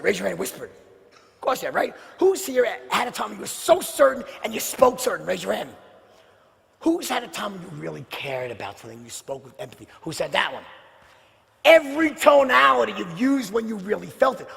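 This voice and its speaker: A man giving a live sales seminar, talking straight to the audience with rhetorical questions and swinging between loud bursts and hushed near-whispers. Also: high-pitched, gravelly, big-room sound.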